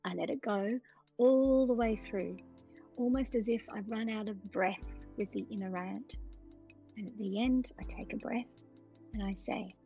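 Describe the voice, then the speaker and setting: A middle-aged woman hosting a solo podcast, speaking gently, slowly and reflectively to her listeners. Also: medium pitch, soft background music. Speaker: podcast host.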